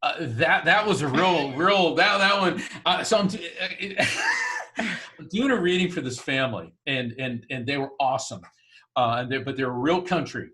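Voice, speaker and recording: A man, a psychic medium, chatting in an interview and telling lively stories with frequent laughs. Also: a little high, moderate pace, slight background noise. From Florida, US. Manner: chatty, laughs often, animated storyteller. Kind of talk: storytelling in an interview.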